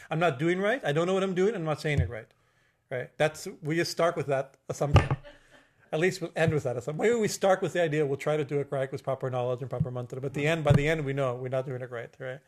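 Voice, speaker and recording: Halting, chanting older-sounding swami. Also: male voice, a little high. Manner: halting, many fillers and restarts, tag questions; chants Sanskrit verses slowly. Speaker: swami giving a discourse. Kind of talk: religious discourse on worship. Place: temple.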